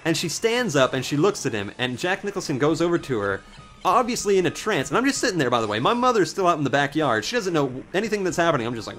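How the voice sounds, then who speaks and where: Rambling young man with lively pitch. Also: quick pace, soft background music. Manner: rambling, swears casually, animated reactions. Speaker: let's play commentator. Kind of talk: casual gameplay commentary with storytelling.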